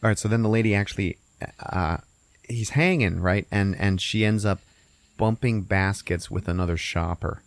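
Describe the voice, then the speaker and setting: A man hosting a podcast, casually recapping a movie with an animated, profane delivery and frequent laughs. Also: on the low side, normal speed, no echo. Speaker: podcast host.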